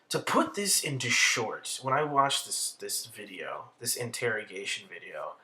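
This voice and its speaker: A man's voice: mid-range voice, lively intonation, unhurried, few pauses, sharp tone. A young man giving casual, rambling video commentary with heavy swearing and crude asides. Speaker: commentary channel host.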